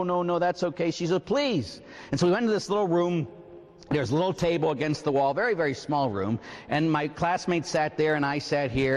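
A man, a priest, telling a story during a sermon in a lively, emphatic way. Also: medium pitch, long reverb tail. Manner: animated storytelling, emphatic preaching. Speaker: Catholic priest.

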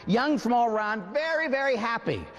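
A man, a priest, telling a story during a sermon in a lively, emphatic way. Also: extremely high pitch, moderate pace, in a large hall. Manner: animated storytelling, emphatic preaching. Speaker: Catholic priest.

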